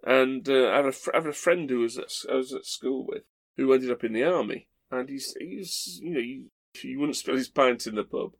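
Male podcast host, gravelly texture, meandering and wry. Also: mid-range voice, brisk, hardly any pauses. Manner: rambling, fond storytelling with playful asides. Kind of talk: casual chat.

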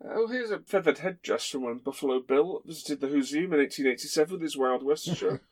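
A man's voice: a little high, expressive, fairly quick. A man hosting a podcast, telling fond, rambling stories with playful asides. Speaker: podcast host. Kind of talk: casual chat.

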